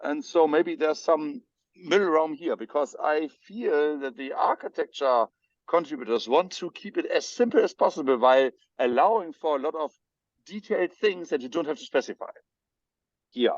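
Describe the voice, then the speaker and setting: A man's voice: a little high, lively intonation, normal speed, no echo. Man, German accent, technical meeting talk, hesitant with fillers, muffled lo-fi call audio, dry sound. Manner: hesitant, many fillers and restarts. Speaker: spec editor. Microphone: video call. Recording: dull lo-fi video call audio.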